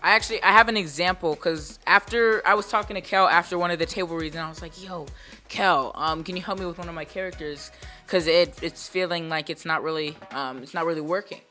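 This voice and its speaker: A young cast member of a sketch comedy show chatting casually in an interview, telling a story in a relaxed way. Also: male voice, fairly high pitch, fast, faint music behind. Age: young adult.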